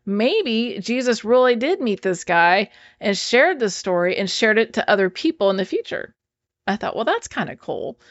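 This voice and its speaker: A woman's voice: mid-range voice, very animated, normal speed, dry recording, dull audio. A woman casually recapping a show episode, chatty and enthusiastic, acting out the characters' lines as she retells them.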